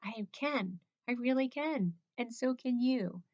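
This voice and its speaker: A woman's voice: on the high side, animated, takes it slowly, darkish tone, dry recording. Encouraging woman teacher, dry dull sound. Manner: encouraging, sing-song, playful. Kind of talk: leading children through a morning routine. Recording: slightly dull lo-fi recording.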